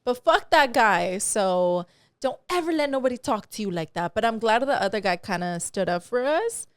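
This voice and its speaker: A woman's voice: medium pitch, lively intonation, normal speed, smooth, no echo, clean studio sound. A woman co-hosting a podcast, chatting casually, laughing and swearing freely, mixing in Spanish words. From California. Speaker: podcast co-host. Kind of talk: casual chat.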